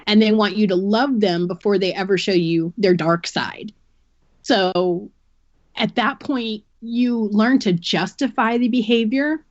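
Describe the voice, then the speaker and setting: A woman's voice: medium pitch, unhurried, dry recording, lo-fi sound. A woman guest on a podcast, giving a candid personal account and explaining things earnestly through long analogies.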